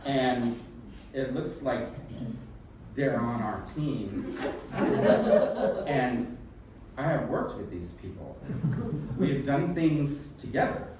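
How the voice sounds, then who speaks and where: A man telling a personal story to a live audience in an animated, self-mocking and frank way, swearing freely. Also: medium pitch, takes it slowly, pauses often. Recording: echoey room from a distant mic with background noise.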